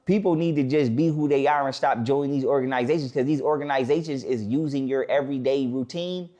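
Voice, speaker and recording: A man talking bluntly in a casual podcast conversation. He swears freely and slows down to repeat his main points. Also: mid-range voice, dark tone. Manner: blunt, profane, stops to repeat key points slowly. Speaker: podcast guest.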